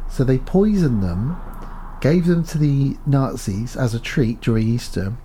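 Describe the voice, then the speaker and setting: A man's voice: mid-range voice, animated, measured pace, dark tone, slight background noise. A man co-hosting a comedic podcast, joking and reeling off trivia with mock outrage. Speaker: podcast co-host. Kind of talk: casual comedic chat.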